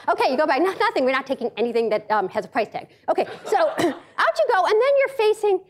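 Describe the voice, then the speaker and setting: A middle-aged woman gives a funny talk, her high voice swooping all over as she tells stories. She jokes freely and acts out other people's voices, pacing as she speaks. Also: big pitch swings, a little fast, background noise. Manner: paces while speaking. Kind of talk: humorous storytelling talk.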